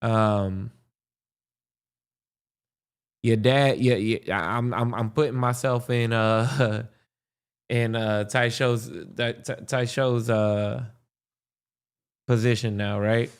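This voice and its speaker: A man's voice: mid-range voice, fairly even intonation, slow, smooth. A man hosting a podcast, reacting to a history video in casual, profane commentary, thinking aloud with restarts.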